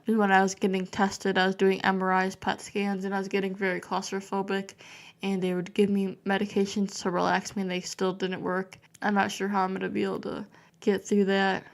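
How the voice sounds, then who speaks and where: A young adult woman appears as a guest on a podcast, speaking with a medium pitch and vocal fry. She talks nervously and hesitantly, using many fillers.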